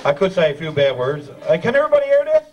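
Rapid-fire and very animated, a Newfoundland-accented emcee rattles off comic patter at a community ceremony, ribbing people in broad dialect. His voice runs on the high side with a darkish tone, and the recording is muffled, picked up by a far-off mic over the audience.

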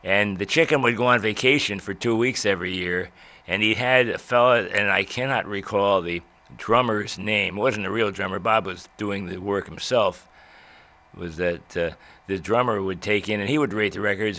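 An older man, a radio veteran, telling old stories in a rambling way with many pauses and restarts. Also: on the low side, bright, forceful tone. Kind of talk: reminiscing talk.

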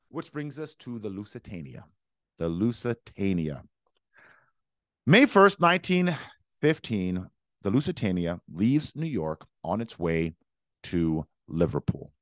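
Delivering a forceful history lecture, the young teacher uses a medium-pitched voice with big pitch swings and a measured pace. He repeats words and speaks for each side as "I"; the studio recording has no room sound.

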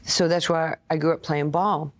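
An older woman from Queens, telling stories as an interview guest, animated and full of fillers and quoted asides. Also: low voice, normal speed. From Queens, New York. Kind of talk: casual interview storytelling.

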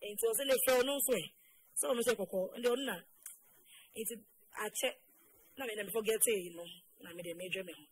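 A Ghanaian woman recounting her life story in an interview, mixing Twi and English in a halting, soft way. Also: medium pitch, a little hiss or hum, poor audio.

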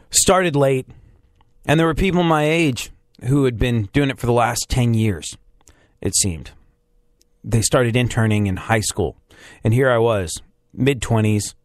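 A man's voice: lowish voice, dry recording, clean studio sound. A man hosting a radio show, telling a candid, self-deprecating story in a wry, conversational way. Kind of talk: motivational storytelling monologue.

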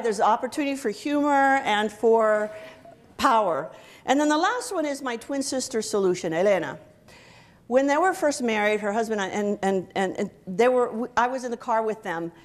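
Lively joking middle-aged woman speaker. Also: on the high side. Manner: lively, joking, audience-engaging. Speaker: motivational speaker. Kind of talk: humorous workshop talk to soldiers. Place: event hall before a live audience.

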